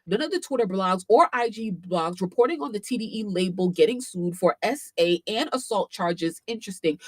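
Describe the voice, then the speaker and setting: A woman hosting a casual commentary livestream, animated and swearing freely, with AAVE speech and frequent fillers. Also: mid-range voice, normal speed, few pauses, husky, no echo. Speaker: livestream host.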